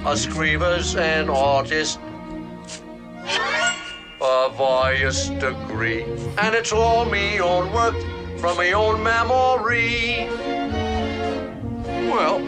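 An actor playing a cheerful young cockney street artist in a musical film, with a Cockney accent, singing and talking. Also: male voice, on the high side, expressive, slow. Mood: cheery. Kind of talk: musical film song and dialogue. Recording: clip with loud music.

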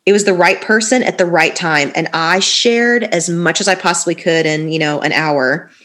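A woman's voice: on the low side, normal speed, a bit bright. A woman in her thirties sharing her personal story in a conversation, candid and rambling, with many fillers and restarts. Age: 30s.

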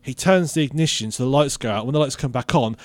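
A man's voice: mid-range voice, quick pace, dry recording. A man, co-hosting a podcast and acting out the lines of the people in his stories. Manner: animated storyteller acting out quotes. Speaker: podcast co-host. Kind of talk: casual chat.

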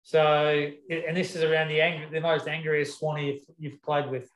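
A man's voice: a little high, little pitch movement, normal speed, fairly bright tone. A man co-hosting a casual podcast, upbeat and joking. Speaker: podcast co-host. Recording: roomy echo.

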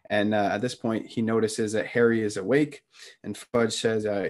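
A young man co-hosting a podcast, retelling a book chapter in a relaxed, slangy way with many fillers. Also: fairly low pitch, moderate pace. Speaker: podcast co-host. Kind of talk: casual chapter recap.

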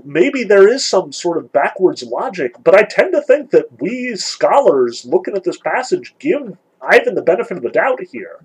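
A man lecturing on a novel, animated, sarcastic and emphatic, reading passages aloud. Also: high-pitched, husky, poor audio. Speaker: literature lecturer.

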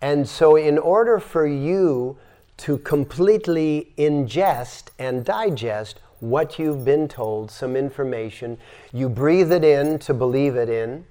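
Older man teaching, lively and demonstrative. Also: on the high side, slow pace. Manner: demonstrative, exhales sighing sounds to teach breathing. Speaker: yoga teacher. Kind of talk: spiritual lecture.

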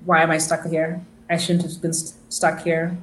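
A weary, sardonic droid in a tabletop game, curt and disdainful with everyone, as a woman game master puts him on. Lowish voice, faint noise behind. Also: completely flat delivery, normal speed, roomy sound, close to an everyday voice. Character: grumpy aloof male droid, sardonic.

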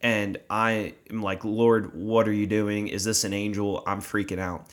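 A young man co-hosting a faith podcast, telling a personal story in an earnest, animated way. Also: fairly low pitch, measured pace. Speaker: podcast co-host. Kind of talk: casual conversation, storytelling.

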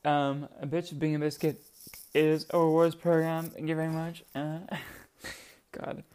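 A young woman hosting a podcast in casual chat, profane, excitable and rambling, talking into a desk microphone. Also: low-pitched, measured pace, clear, resonant tone. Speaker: podcast host.

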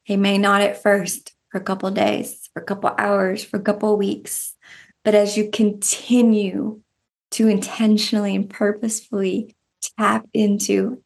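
A woman giving passionate devotional preaching, animated and fervent, breaking into laughter at times. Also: mid-range voice, measured pace, creaky. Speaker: devotional author and speaker.

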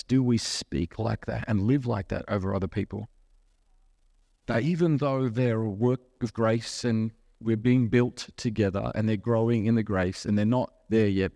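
A man's voice: medium pitch, dark tone, no room sound, studio quality. A man preaching a sermon in a conversational way, asking the listeners questions and acting out little asides. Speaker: pastor.

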